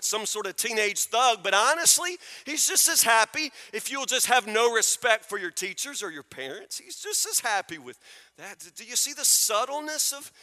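A man's voice: high voice, sharp tone, long reverb tail. A man preaching a sermon as pastor, emphatic, repeating his phrases and asking the listeners questions.

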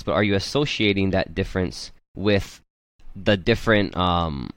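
A man's voice: fairly low pitch, fairly bright tone, dry recording. A man teaching a language class, patiently modelling vowel sounds and checking in with his students. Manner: slow, careful, models vowels aloud with frequent "right?" and "um".

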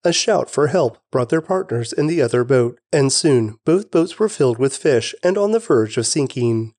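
Man reading scripture in a lively voice. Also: medium pitch, moderate pace, no echo, studio quality. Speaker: scripture reader.

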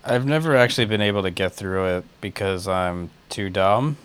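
A man talks in a casual podcast chat, swearing freely and poking fun at himself. His voice sits low and sounds smooth and resonant. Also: normal speed, fairly bright tone. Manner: casual, self-deprecating, swears.

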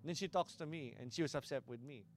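A man's voice: fairly high pitch, fast, faint music behind. A middle-aged man with a Filipino accent preaching a sermon, mixing English with Tagalog and stressing his points. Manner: switches between English and Tagalog, emphatic preaching. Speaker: pastor.

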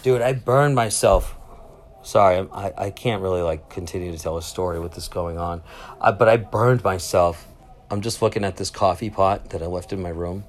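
A man's voice: deep voice, normal speed. A man casually rambling through a solo podcast story from a cruise ship cabin, swearing freely and getting sidetracked. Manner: rambling, profane, easily sidetracked. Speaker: podcast host. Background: public announcements.

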